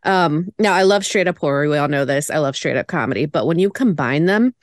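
A woman co-hosting a podcast in easy, animated chat, often breaking into laughter. Her voice sits a little low for a woman. The sound is dry and close, with no room around it. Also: brisk, no room sound. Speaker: podcast co-host. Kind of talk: casual chat.

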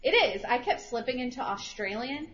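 A woman's voice: fairly high pitch, a little fast, highs cut off, over a noisy crowd. A woman co-hosting a podcast in casual chat, talkative and laughing between phrases. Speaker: podcast co-host.

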